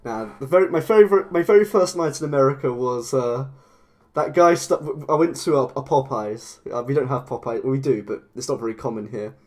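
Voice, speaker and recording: A man's voice: mid-range voice, a little fast. An English man chatting casually on a live stream while making clay models. He rambles and laughs often. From England. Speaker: claymation streamer.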